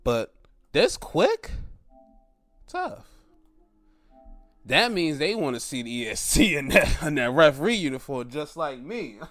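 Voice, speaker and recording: A man reviewing wrestling shows in casual commentary, excitable and profane, often putting on mock outrage. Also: a little high, normal speed, faint music behind.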